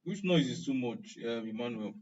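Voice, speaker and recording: A young Nigerian man running an online class casually jokes with his live-stream audience and responds to commenters by name. His mid-range voice is expressive and a little mellow, at a moderate pace. Audio is muffled and distant.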